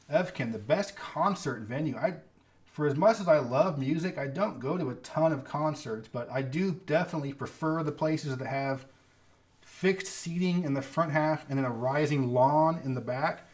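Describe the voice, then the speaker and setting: A man's voice: a little high, moderate pace. A man from California with a Californian accent, hosting a casual livestream and answering viewer questions in a rambling, chatty way with small laughs. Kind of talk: casual live-stream chat.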